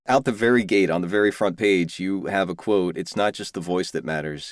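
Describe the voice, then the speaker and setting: A man's voice: low voice, fairly quick, few pauses, no room sound, clean studio sound. A man hosting an interview, talking thoughtfully and reflectively about voice work. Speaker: podcast host and voice actor. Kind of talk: conversational interview.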